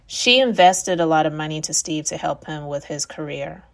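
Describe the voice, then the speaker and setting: Opinionated woman commentator. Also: low-pitched. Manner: opinionated, conversational, sometimes quick. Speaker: commentary channel host. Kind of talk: reaction commentary.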